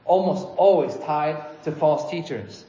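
A man preaching a sermon in a conversational way, getting animated when he quotes people and often restarting his sentences. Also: a little high, unhurried. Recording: echoey room, slightly dull sound.

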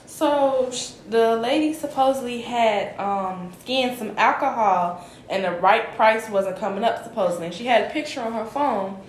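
A woman's voice: fairly high pitch, moderate pace. A young woman, co-hosting a podcast, retelling a work story in a laid-back but emphatic way. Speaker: podcast co-host. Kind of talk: casual chat. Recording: roomy echo with faint hiss.

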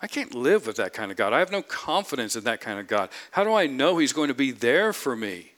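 A man's voice: medium pitch, big pitch swings, a little fast, fairly bright tone. A man preaching a sermon, emphatic, repeating phrases and asking the congregation rhetorical questions. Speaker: pastor.

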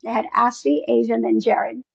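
A woman's voice: a little high, fairly even intonation, a little fast, vocal fry, husky, no room sound, dull audio. A woman telling a long personal story in an interview, rambling with many fillers and acting out bits of dialogue. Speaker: interview guest.

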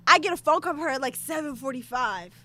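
A young woman from the United States talks in a high, bright, forceful voice. She tells her story in loose, animated chat with many filler words. At times she bursts into loud shouting. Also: quick pace. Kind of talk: casual chat, explicit storytelling.

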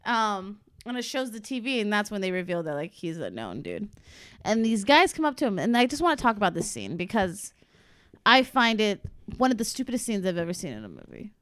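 A woman's voice: medium pitch, sing-song, a little fast, fairly bright tone, clean tone, no echo, studio quality. A woman co-hosting a podcast, bluntly recapping a movie, laughing and swearing freely. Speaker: podcast co-host. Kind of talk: casual chat.

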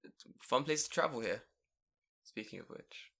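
A man co-hosting a casual podcast, swearing a lot and telling animated stories with put-on voices. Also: mid-range voice, creaky. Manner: fast, profane, animated storytelling with put-on voices. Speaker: podcast co-host. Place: home recording room.

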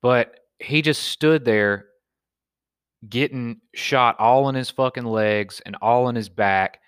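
A man's voice: mid-range voice, takes it slowly, clean tone, no echo, clean studio sound. A man from Alabama with a Southern accent, telling stories in a casual, profane monologue as a podcast host and stand-up comic. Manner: profane, animated storyteller.

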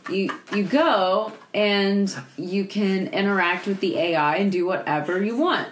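Slow-talking woman podcast co-host, echoey room. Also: medium pitch. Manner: giggly, playful, joins in on running jokes. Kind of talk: casual movie-review chat.

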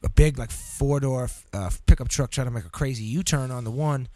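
A man's voice: medium pitch, brisk, warm tone, dry recording. A young man from the Boston area hosting a podcast, with laid-back, slangy banter. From Boston area, USA. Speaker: podcast host. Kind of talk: casual chat.

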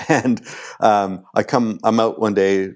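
A man, chatting casually as a guest and telling an animated story. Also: on the low side, slow pace. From Canada. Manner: animated storyteller acting out quoted lines.

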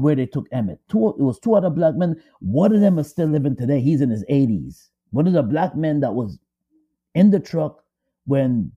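A man's voice: mid-range voice, mellow, husky. A man dramatically retelling a story, emphatic and repetitive, building suspense. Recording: dull lo-fi audio.

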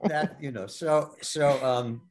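A man in his seventies from the US Midwest, telling his life story as a guest in a casual interview, halting with many restarts and fillers. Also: mid-range voice, slight background noise. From Milwaukee, US Midwest. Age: 70s. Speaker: guest, stage actor.

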